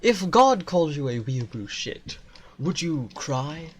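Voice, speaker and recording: A man's voice: on the high side, big pitch swings, takes it slowly, husky. A young man streaming a game live, rambling and joking in casual chatter, often restarting mid-sentence. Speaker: gaming streamer.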